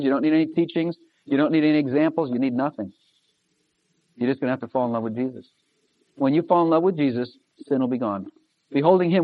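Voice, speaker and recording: A man preaching a sermon, emphatic and repetitive, swinging between loud and hushed. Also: on the high side, dry recording. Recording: dull lo-fi recording.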